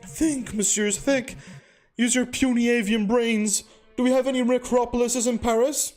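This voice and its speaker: A man's voice: extremely high pitch, fairly even intonation, normal speed, a little mellow, soft background music, pitched above the performer's own voice. A man voicing a haughty, condescending male bird librarian who talks down in a mock-French manner. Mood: lecturing. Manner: pompous, scornful, mock-French.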